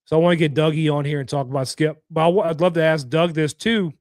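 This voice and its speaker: A man's voice: fairly high pitch, quick pace, a little mellow, no echo, studio quality. A young man from hosting a sports talk show, talking casually in a blunt, opinionated, scolding way. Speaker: podcast host.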